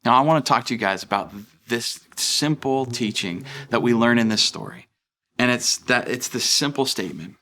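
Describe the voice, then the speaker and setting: A man's voice: medium pitch, normal speed, sharp tone. A young man giving a sermon as a pastor, earnest and conversational, with frequent fillers and restarts. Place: church.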